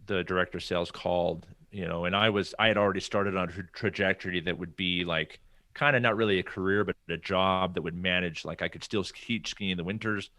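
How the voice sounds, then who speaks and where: A man's voice: deep voice, fairly quick, no echo. A man being interviewed on a podcast, casually telling stories from his career and acting out what other people said. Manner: animated storyteller acting out quoted people. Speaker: podcast guest.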